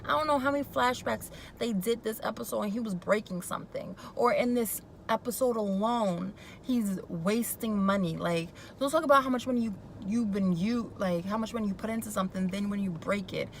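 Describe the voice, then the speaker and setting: Woman, young adult, gossipy recap vlog, opinionated, gravelly fry, faint background hiss. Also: mid-range voice, a little fast, hardly any pauses, poor audio. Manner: gossipy and opinionated, chatty asides. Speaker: YouTube recap vlogger. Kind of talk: casual TV recap commentary.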